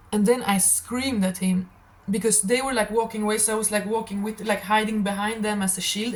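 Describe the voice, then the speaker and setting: A woman with a hoarse, tired throat giving a rambling, emphatic tarot reading to camera, repeating affirmations. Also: mid-range voice, low-quality recording. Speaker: tarot reader.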